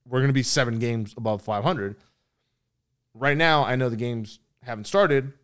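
A man's voice: medium pitch, normal speed, fairly bright tone, smooth. Young dude on a sports podcast, swearing, goofing around with his buddies. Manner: crude, joking, slangy. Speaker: podcast co-host. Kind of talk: casual sports podcast banter.

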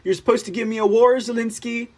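A man putting on an impression of a rambling old male president, speaking in a raised, breathy half-whisper. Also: very high-pitched, fairly even intonation, fast, a little mellow, voice pushed up. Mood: nagging.

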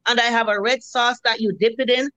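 A Jamaican woman in her fifties, a restaurant owner, telling lively stories in a casual interview, blunt and salty. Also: fairly high pitch, fairly quick, no echo, muffled recording. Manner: lively storyteller, blunt and salty, acts out what people said.

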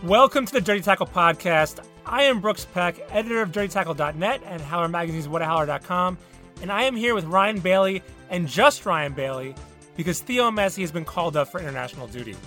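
A man's voice: sits high, animated, fairly quick, sharp tone, soft background music. A man hosting a casual podcast, bantering with dry teasing and frequent laughs. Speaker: podcast host.

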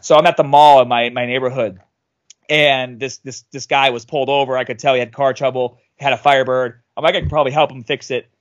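A man in his late thirties telling a story casually on a podcast, animated and loudly acting out the people he quotes. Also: mid-range voice, quick pace, no room sound, lo-fi sound. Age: 30s. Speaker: podcast guest.

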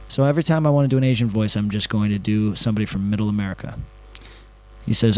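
A man's voice: lowish voice, fairly even intonation, fast talker, darkish tone, rough recording. A man rambles through a loose, unscripted monologue, his tone sarcastic and ranting. He swears freely and drifts between complaints and a travel story, talking from his hotel room. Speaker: travel vlogger.

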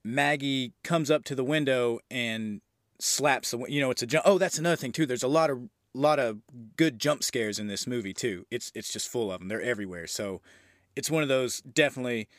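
A man's voice: mid-range voice, brisk, a bit bright, no room sound. Dry, chatty man recapping a horror movie. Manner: loose and enthusiastic, with frequent fillers and the odd swear. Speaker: movie review podcast host.

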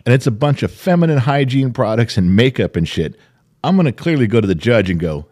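A middle-aged man hosting a podcast, telling a story in casual chat, animated and profane, acting out the people he quotes. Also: medium pitch, fairly quick. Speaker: podcast host.

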